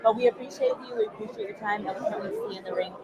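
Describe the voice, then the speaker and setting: A woman's voice: mid-range voice, very fast. Gushing woman host amid crowd chatter. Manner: gushing, eager, excitable. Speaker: podcast co-host. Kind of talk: casual interview chat. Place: busy media row outdoors. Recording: crowd noise behind.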